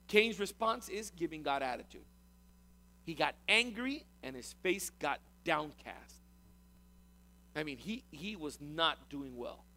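A pastor delivers a sermon in a lively, conversational way, frequently repeating words and addressing the congregation directly. His voice sits fairly high, and he speaks without hurry, leaving long pauses.

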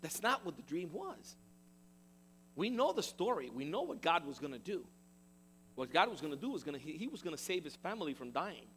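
A man preaching a sermon in a church, swinging between loud, urgent passages and hushed, quiet ones. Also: fairly high pitch, big pitch swings, a little fast, slight background noise. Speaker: pastor. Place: church hall with stage lights.

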